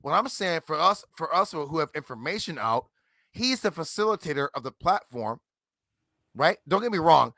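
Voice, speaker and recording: A man in his forties argues hard on a livestream panel, boasting and cursing. His voice sits high and has a sharp, bright edge with some gravel in it. The sound is dry and close. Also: sing-song, normal speed, dry recording. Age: 40s. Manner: emphatic, profane, combative boasting. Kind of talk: heated livestream chat.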